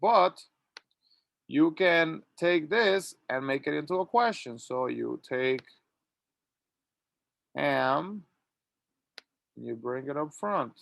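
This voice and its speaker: A man teaching an English grammar lesson, reading model sentences slowly and clearly for students to repeat. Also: fairly high pitch, animated, a bit bright, dry recording. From Latin America. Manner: slow, drawn-out model sentences.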